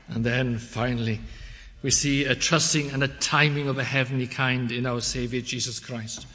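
A man preaching a fervent sermon, his bright, forceful voice sweeping between hushed reflection and loud proclamation. He quotes scripture in old-fashioned wording. The sound carries a long church-hall reverb. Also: mid-range voice, fairly even intonation, moderate pace. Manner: rises to loud proclamation, then drops to quiet reflection.

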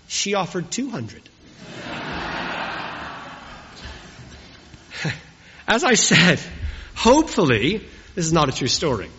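A man's voice: on the high side, breathy edge. A man in his forties preaching a humorous wedding sermon in a church. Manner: warm, humorous, storytelling delivery. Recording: dull recording with long church reverb.

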